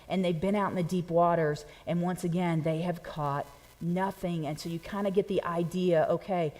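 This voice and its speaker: A woman pastor preaches to her congregation in a church sanctuary, speaking directly and in a playful, conversational way. Her voice is medium-pitched and darkish, and the recording carries long church reverb.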